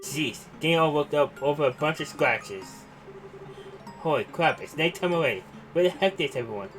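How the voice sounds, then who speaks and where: A man voicing a gruff, tough young man in a game, with rough, slangy, blustering talk. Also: on the high side, lively intonation, moderate pace, fairly bright tone, faint music behind. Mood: dismissive. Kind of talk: reading game dialogue aloud.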